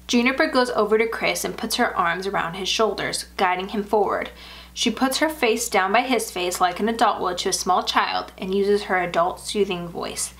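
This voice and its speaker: A woman narrating a first-person horror story aloud in an even, measured way. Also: medium pitch.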